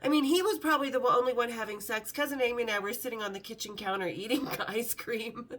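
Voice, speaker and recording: A woman's voice: on the high side, fast, fairly bright tone. A middle-aged woman hosting a vlog, telling brash, sarcastic stories in a casual, swearing way. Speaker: vlog host. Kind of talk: casual storytelling to camera.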